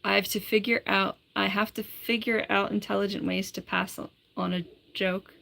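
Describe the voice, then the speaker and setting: A woman's voice: mid-range voice, little pitch movement, normal speed, creaky, a bit bright. A woman hosting her own live stream. She chats casually, reads out viewer comments, giggles often and says "like" a lot. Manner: chatty, giggly, full of "like". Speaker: livestreamer.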